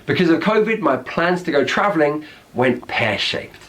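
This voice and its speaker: A British man with a fairly high voice teaches slang with a chatty, teacherly manner. He breaks into little acted-out example phrases as he explains. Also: lively intonation, normal speed, fairly bright tone, a little hiss or hum. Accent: British English. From Britain.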